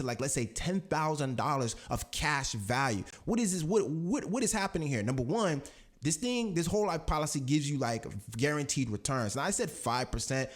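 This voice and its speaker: A young man with a fairly high voice explains money matters in an energetic, emphatic tutorial. He leans hard on key words, repeats them for effect and keeps tossing in "okay?" and "right?". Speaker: personal finance YouTuber.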